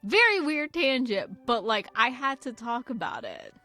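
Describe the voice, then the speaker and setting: A woman's voice: a little high, wildly swooping pitch, unhurried, sharp tone. A young woman casually commenting on a farming game she's playing, rambling into sweary, self-mocking tangents. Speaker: gaming channel host. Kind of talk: casual let's-play commentary. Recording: faint game music behind.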